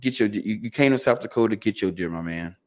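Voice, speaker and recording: Man telling a hunting story, animated. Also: fairly low pitch, fast. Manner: animated, acts out quotes of family; loose casual speech with slang. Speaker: podcast guest. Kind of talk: casual storytelling.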